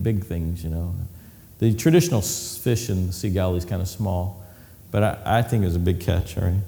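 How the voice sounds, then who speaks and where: A male preacher giving a sermon, telling the story with animated delivery and acting out scenes. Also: mid-range voice. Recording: long hall reverb.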